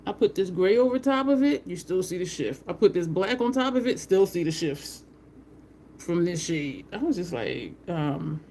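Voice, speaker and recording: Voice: medium pitch, expressive, normal speed, a little mellow, slight background noise. A makeup tutorial host chatting casually while working, rambling through stories with frequent laughs and greeting live viewers by name.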